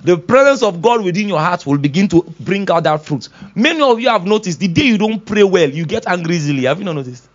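Pastor, man; high, animated preaching that acts out scenes and voices, laughs often; slightly dull lo-fi recording. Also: fast, hardly any pauses. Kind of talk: sermon. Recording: dull lo-fi sound.

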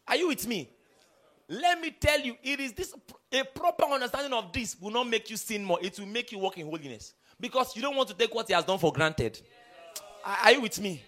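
A man preaching a sermon, emphatic and often checking in with the congregation, rising to loud bursts and dropping low again. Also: animated, brisk. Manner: builds to loud bursts, then drops low and quiet.

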